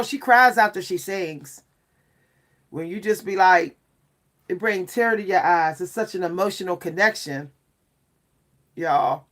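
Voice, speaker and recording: Woman vlogger, casual live chat, talkative, frequent laughs and "y'all". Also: medium pitch. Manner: chatty, keeps saying "y'all", laughs often. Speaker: vlogger and French horn player.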